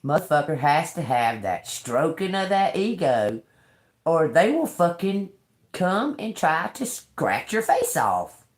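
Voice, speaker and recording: A woman giving a live tarot reading, ranting in a profane, animated way and laughing often. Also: deep voice, takes it slowly. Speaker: tarot reader. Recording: roomy echo.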